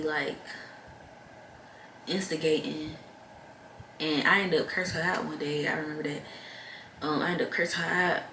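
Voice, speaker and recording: Low-voiced young woman, frank vlog confession. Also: a bit bright, slight background noise. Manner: frank, heavy-hearted, addresses viewers directly. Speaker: vlogger. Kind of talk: candid personal storytelling to camera. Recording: roomy echo with faint ambience.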